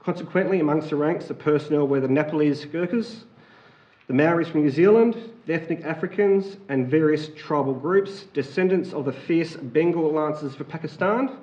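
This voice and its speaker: An Australian man addresses a council meeting in a halting, filler-laden manner. His voice sits fairly high. The recording is roomy and dull, picked up in a council chamber. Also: darkish tone. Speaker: council chair.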